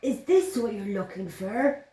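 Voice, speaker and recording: A woman's voice: mid-range voice, lively intonation, unhurried, dark tone, close to an everyday voice. Woman doing a kind eager doggy, bouncy voice, echoey room. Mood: friendly. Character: friendly helpful young dog. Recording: roomy echo.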